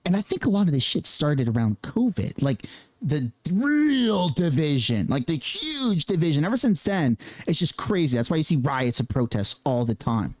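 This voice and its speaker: A man hosting a casual political commentary rant, swearing and mocking other people with quick impressions. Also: fairly high pitch, big pitch swings, a little mellow, no room sound.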